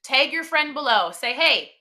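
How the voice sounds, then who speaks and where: A woman's voice: on the high side, moderate pace, pushed and bright. A woman in her thirties hosting a motivational live stream, talking emphatically and chattily with many fillers.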